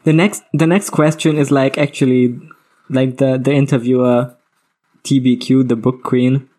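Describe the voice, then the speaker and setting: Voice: mid-range voice, little pitch movement, moderate pace, mellow. Brief: casual podcast co-host, chatty, restarts often. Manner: chatty, with frequent restarts and likes. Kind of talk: casual chat.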